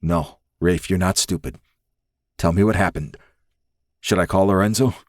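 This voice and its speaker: A man voicing a calm, protective male friend from a mob family, who asks steady, probing questions. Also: low voice, normal speed, no room sound, studio quality, natural voice. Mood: concerned.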